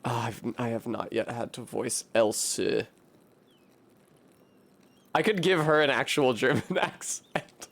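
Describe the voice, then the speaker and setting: A man's voice: mid-range voice, animated, vocal fry, fairly bright tone. A man streaming a narrative game, reading character lines aloud and joking about them. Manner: jokey, reads dialogue in a slow deliberate way.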